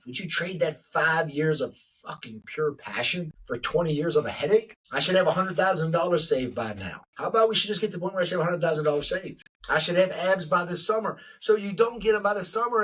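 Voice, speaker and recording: Middle-aged male host, husky and a touch high, preachy emphatic delivery, mic set back a little. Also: fairly bright tone, distant mic, rough recording. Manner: emphatic, preachy, repeats lines for effect. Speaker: podcast host. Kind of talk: motivational monologue.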